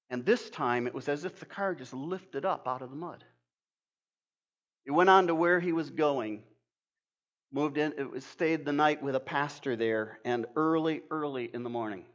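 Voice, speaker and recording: A man's voice: mid-range voice, a bit bright. An older man preaching a sermon, earnest and emphatic, telling stories with frequent restarts. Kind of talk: sermon with storytelling. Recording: dull lo-fi sound.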